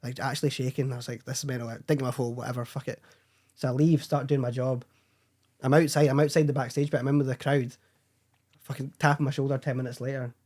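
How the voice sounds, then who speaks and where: A young Scottish man rattles off anecdotes at a fast clip, swearing freely and breaking into laughs. His voice sits in a middle register. He sounds like a guest on a casual podcast chat. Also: mid-range voice, little pitch movement, a little mellow. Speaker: guest filmmaker.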